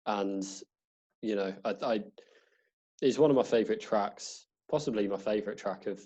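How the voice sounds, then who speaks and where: A man's voice: lowish voice, moderate pace, warm tone. A man co-hosting a casual podcast, talking eagerly and repeating and restarting his words. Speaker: podcast co-host. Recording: dull lo-fi audio.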